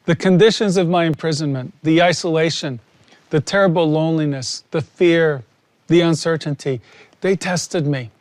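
A man with a high voice preaches a personal testimony in an earnest, emphatic way, pausing often for weight. The sound is close and dry, with no room around it. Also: no echo. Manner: earnest, slow and emphatic with long pauses. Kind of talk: sermon testimony.

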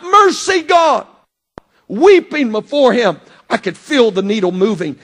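Very high-pitched, impassioned male preacher. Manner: impassioned, often shouting, dramatic swings in volume. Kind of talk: sermon.

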